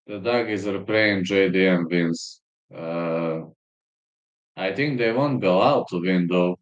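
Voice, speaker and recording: A man hosting a casual live stream, reading viewer comments and answering them bluntly, with frequent profanity and filler pauses. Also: low voice, lively intonation. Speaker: livestream host.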